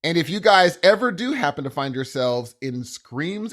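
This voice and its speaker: A man's voice: fairly high pitch, expressive, moderate pace, few pauses, a bit bright. An American man co-hosting a podcast, chatting casually with dry, playful quips and reading listener mail aloud. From United States. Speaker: podcast co-host.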